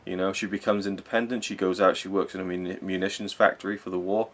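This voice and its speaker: A man's voice: low-pitched, little pitch movement, fast, a bit bright. A young man giving a rambling, enthusiastic spoken film review, full of fillers and self-corrections.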